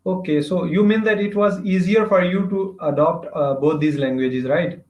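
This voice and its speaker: A man practicing English in a casual conversation over a video call, searching for words with halting phrasing. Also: high voice, darkish tone. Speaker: English learner. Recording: roomy, dull lo-fi video call audio.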